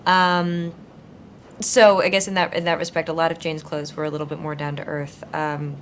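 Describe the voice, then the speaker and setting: Low-voiced young woman, thoughtful. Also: little pitch movement, normal speed, slight background noise. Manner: thoughtful, searching, frequent fillers and restarts. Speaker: actress being interviewed. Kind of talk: conversational interview.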